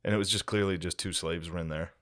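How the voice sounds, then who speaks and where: A low-pitched man telling a crude story on a comedy podcast. He keeps laughing as he talks and jumps into high mocking voices whenever he quotes someone. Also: steady tone, quick pace. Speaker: podcast co-host.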